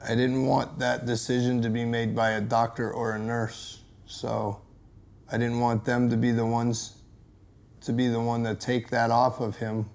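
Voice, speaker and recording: Measured man in his sixties. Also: medium pitch, little pitch movement, vocal fry, a little mellow. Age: 60s. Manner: measured and reflective, with hesitant pauses. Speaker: stepfather interviewed in a documentary. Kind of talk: documentary interview.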